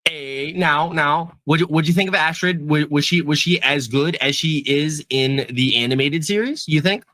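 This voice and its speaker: A man co-hosting a podcast, chatting casually about a movie in a hyped, animated way and often repeating himself. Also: a little high, normal speed. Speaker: podcast co-host. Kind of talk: casual movie review chat.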